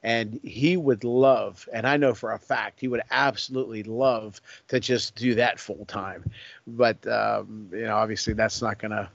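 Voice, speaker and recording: A man's voice: fairly low pitch, fairly even intonation, measured pace, vocal fry, dry recording, lo-fi sound. A man hosting a podcast, talking conversationally and reeling off sponsor plugs. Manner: conversational, reels off sponsor plugs and phone numbers. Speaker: podcast host. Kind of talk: interview hosting and sponsor reads.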